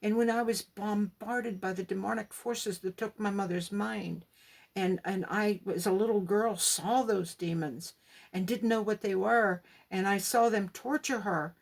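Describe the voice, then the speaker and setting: A woman gives an emphatic personal religious testimony and acts out the dialogue in her story. Her voice is gravelly and husky. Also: mid-range voice, unhurried. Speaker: guest giving testimony.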